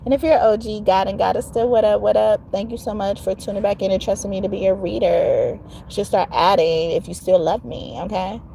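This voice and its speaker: A woman's voice: mid-range voice, fairly quick, vocal fry, hardly any pauses, mellow, slight background noise. A woman tarot reader talking casually to her viewers, blunt and emphatic, cussing freely. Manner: emphatic, blunt, cusses a lot. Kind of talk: casual tarot vlog talk.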